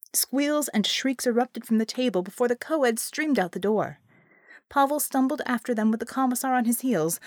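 A woman narrating an audiobook in an expressive storytelling manner. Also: a little high, no echo, studio quality. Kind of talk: scripted narration.

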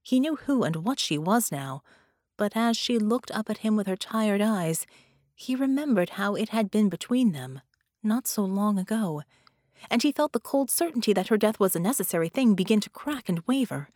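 A woman narrating a dramatic superhero audiobook in a measured, storytelling manner. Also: medium pitch, expressive, a little mellow, dry recording, studio quality.

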